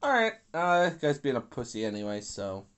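Man, young adult, grumpy gameplay commentary, lively pitch swings, bright edge, swears a lot. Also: normal speed, clean tone. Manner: grumpy, swearing, rambling asides. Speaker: gaming YouTuber.

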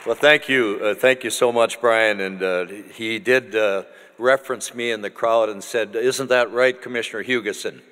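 A man with a lowish voice opens a guest speech in a relaxed, joking way. He sounds set back from the mic in a big hall with long reverb and faint background noise. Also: normal speed. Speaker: state agriculture commissioner giving a guest speech. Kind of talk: speech at an event. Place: large lecture room with an audience.

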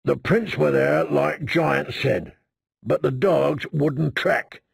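A man voicing a bitter, cruel bully who sneers slowly and menacingly. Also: fairly high pitch, fairly even intonation, creaky, husky, no room sound, heavily acted. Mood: grudging.

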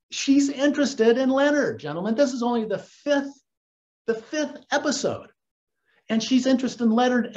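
A man working as a dating coach, giving casual, earnest advice and calling his listeners guys and gentlemen. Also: sits high, lo-fi sound.

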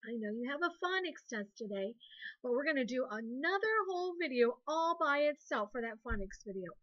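A woman's voice: sits high, lively intonation, fairly quick, lo-fi sound. A woman teacher giving a recorded lesson to young children in a cheerful, encouraging way, spelling words out letter by letter. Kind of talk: recorded online classroom lesson.

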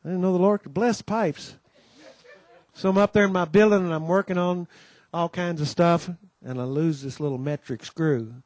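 A man's voice: on the high side, normal speed, darkish tone, dry recording. A man hosting a Christian conference, welcoming the audience with homespun stories and many asides. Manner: homespun storytelling, many "you know"s, acts out quoted voices. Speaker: conference host giving the welcome. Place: conference gathering.

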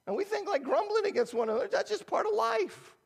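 A man preaching a sermon in a conversational, animated way, asking rhetorical questions and breaking off mid-sentence. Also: very high-pitched, quick pace, gravelly, big-room sound. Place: church sanctuary.

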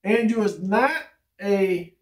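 A man's voice: sits high, takes it slowly. A man co-hosting a vlog, chatting casually and acting out the people in his stories. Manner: animated, acts out quoted people. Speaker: vlog co-host. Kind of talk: casual storytelling chat. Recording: echoey room, mic at a distance, faint noise.

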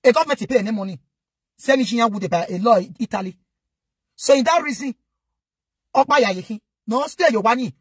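Brief: Nigerian woman vlogger, high pitch, scolding rant, dry close sound. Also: expressive, fairly quick, pauses often, breathy edge, no room sound. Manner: scolding, switches between Pidgin and local languages. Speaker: social media commentator. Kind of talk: impassioned rant to camera.

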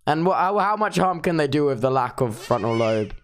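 A man's voice: fairly high pitch, expressive, brisk, a little hiss or hum. A sleep-deprived man streaming casually, reacting playfully and teasing his chat as he reviews unban requests. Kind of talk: casual livestream commentary.

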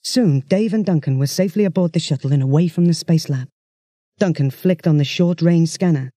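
A man's voice: on the high side, fairly quick, no echo, studio quality. A man reading a children's science fiction story aloud, telling it steadily. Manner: steady storytelling that shifts into character voices. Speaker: audiobook narrator.

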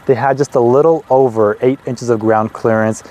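A car review hosted by a man in his twenties, who strolls around a parked car outside while chatting excitedly. His voice is mid-range, his pace moderate, and he throws in casual asides.

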